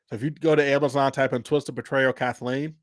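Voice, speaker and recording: A man's voice: mid-range voice, fairly even intonation, fairly quick, no room sound, clean studio sound. A man hosting an unscripted livestream chat, rambling loosely and laughing often. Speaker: host.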